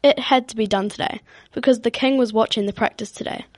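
A woman reading a children's story aloud in a steady narrating manner. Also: on the high side, fast, no room sound.

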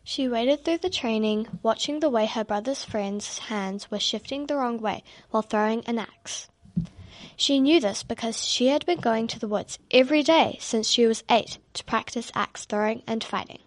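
A woman reading a children's story aloud in a steady narrating manner. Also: a little high, normal speed.

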